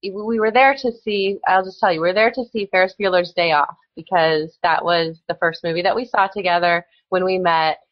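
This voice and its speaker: A woman's voice: fairly low pitch, steady tone, fairly quick, few pauses, dry recording, muffled recording. A young adult woman speaking as a podcast guest in casual chat, earnest and hesitant with many fillers.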